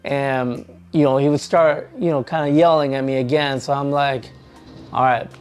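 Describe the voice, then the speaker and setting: A man who trains truck drivers tells a story in a casual vlog, acting out both sides of an argument with lively energy. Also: medium pitch, moderate pace, clean tone, faint music behind.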